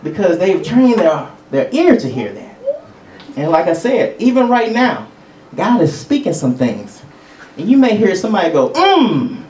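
A man's voice: high-pitched, very animated, normal speed, warm tone, roomy sound, recorded from a distance, slight background noise, low-quality recording. A male preacher giving a conversational teaching sermon. He chuckles between points and calls out for amens. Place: church sanctuary.

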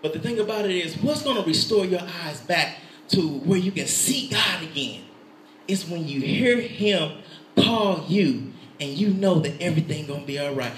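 A man preaching a sermon, swinging between loud fervent exhortation and quiet intimate asides, often laughing as he talks. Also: a little high, animated, measured pace, pauses often, roomy sound, poor audio.

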